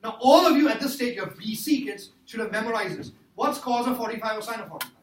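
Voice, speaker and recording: A man's voice: very high voice, expressive, quick pace, noisy background. A man teaching a math class, emphatic and repetitive as he quizzes his students. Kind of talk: classroom lecture. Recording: echoey classroom from far off.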